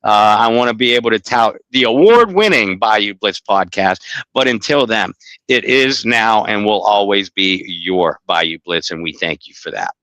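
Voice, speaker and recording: A man's voice: on the low side, normal speed, fairly bright tone, dry recording. A man co-hosting a sports podcast in casual chat, rambling with many restarts and blunt swearing. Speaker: podcast co-host.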